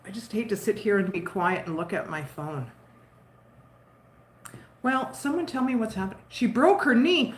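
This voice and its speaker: Woman, 50s, livestream host: rambling, giggly kitchen chat, mid pitch, echoey room. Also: expressive, normal speed, long pauses, a little hiss or hum. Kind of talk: casual chat with live viewers. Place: home kitchen. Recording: roomy echo.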